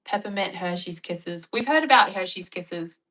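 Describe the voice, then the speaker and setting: A young Australian woman chatting casually and bluntly with her viewers, joking and acting out animated retellings. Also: lowish voice, moderate pace, rough recording. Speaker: vlogger. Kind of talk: casual chat reacting to viewer comments.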